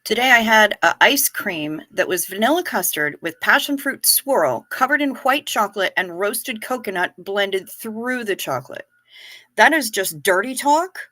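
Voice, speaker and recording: A woman's voice: medium pitch, animated, a little slow, pushed and bright, dry recording. A woman hosting a live stream, chatting casually, telling jokes and reading out viewer messages. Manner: chatty, joking, reads chat aloud.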